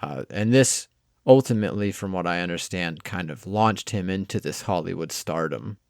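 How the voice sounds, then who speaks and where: A man co-hosting a film podcast, easygoing and thinking out loud with many fillers. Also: deep voice, animated, normal speed, gravelly, no echo, clean studio sound. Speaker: podcast co-host. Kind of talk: casual chat reviewing a film.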